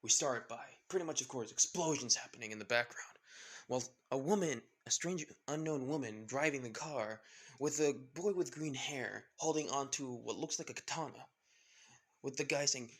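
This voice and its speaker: A man's voice: medium pitch, moderate pace, a bit bright. A young man hosting his channel, narrating a fan-made story in a casual, rambling way full of fillers. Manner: rambling, many fillers, restarts.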